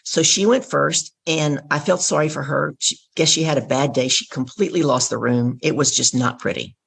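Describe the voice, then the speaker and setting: A middle-aged woman tells her story with a lot of vocal fry, and her voice sounds rough and husky. She speaks as an interview guest and acts out each exchange as she goes. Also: low-pitched, normal speed. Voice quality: gravelly, husky voice. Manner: vivid storyteller who acts out dialogue.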